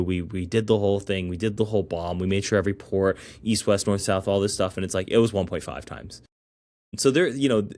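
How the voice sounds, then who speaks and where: A man co-hosting a casual podcast chat, rambling and slangy with lots of fillers and restarts. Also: lowish voice. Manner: slangy, calls people dude and bro. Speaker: podcast co-host.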